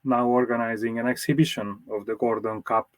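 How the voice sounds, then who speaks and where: Man, historian being interviewed, English speaker, measured explanatory manner, mid pitch, dry close sound. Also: little pitch movement, no room sound. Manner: measured, explanatory, with fillers and restarts. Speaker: motoring historian and magazine publisher. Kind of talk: interview answers.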